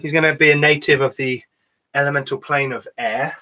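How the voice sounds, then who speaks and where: A man who runs the group's games, chatting casually and chipping in with quick interjections. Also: a little high, fairly even intonation, sharp tone. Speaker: co-host and game master. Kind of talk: casual chat.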